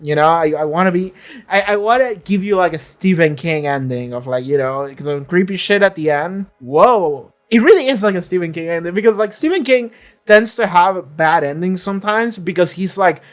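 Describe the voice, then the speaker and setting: Casual reaction vlogger rambling about an episode, swears a lot, mid-pitched voice. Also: animated, normal speed. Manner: chatty, swears freely, acts out characters in quotes. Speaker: reaction video creator.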